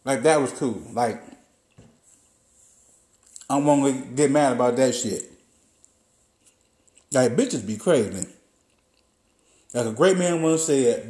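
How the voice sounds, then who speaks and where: A man hosting a podcast, telling a profane comic story in a loose, animated way and acting out what people said. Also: medium pitch, slow, long pauses. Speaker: podcast host. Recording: roomy echo.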